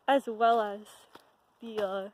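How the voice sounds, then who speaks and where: A woman's voice: medium pitch, steady tone, very slow, slight background noise, low-quality recording. A young woman talking to her camera while hiking on a wooded trail, out of breath, nervous and giggly, trailing off now and then. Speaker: vlogger. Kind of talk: casual chat to camera while walking.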